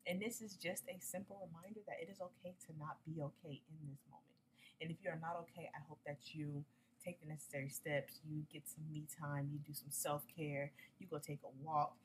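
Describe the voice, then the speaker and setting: A woman's voice: low-pitched, steady tone, fairly quick, a little hiss or hum, low-quality recording. A woman hosting a casual solo podcast, chatty and upbeat, using slang and talking straight to her listeners. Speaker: podcast host.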